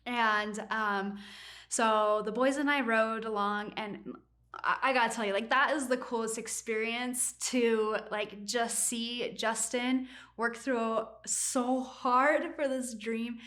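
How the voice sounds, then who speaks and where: A woman with a high-pitched voice tells a story on a casual podcast. She laughs often and talks in an animated, emotional way. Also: slow pace. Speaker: podcast co-host, pilot's wife.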